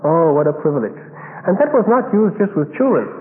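A man's voice: on the high side, very animated, a little fast. Man preaching, tinny echoing recording. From China. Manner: earnest, rhetorical questions, warm chuckles. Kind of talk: sermon. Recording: phone-like lo-fi recording with long reverb.

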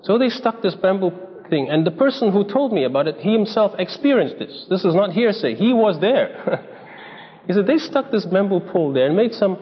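In a dull, lo-fi recording from an echoing hall, a man with a high, sing-song voice preaches at normal speed. He tells stories emphatically and acts out the voices of the people he quotes.

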